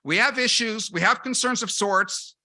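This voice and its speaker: A middle-aged man, a rabbi, giving a lecture in a measured way, asking rhetorical questions and building his points in lists. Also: high-pitched, bright, forceful tone. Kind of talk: lecture with anecdotes.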